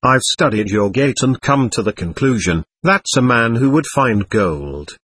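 A man's voice: mid-range voice, expressive, measured pace, fairly bright tone, slightly rough, no echo. A man doing a gushing, domineering lady. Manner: effusive, lecturing, talks over others. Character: gushing, domineering middle-aged lady patron.

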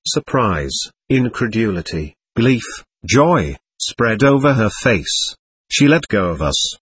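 A man reading a story aloud in the first person, with a gentle, expressive telling. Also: lowish voice, slow, husky, no room sound. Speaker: narrator.

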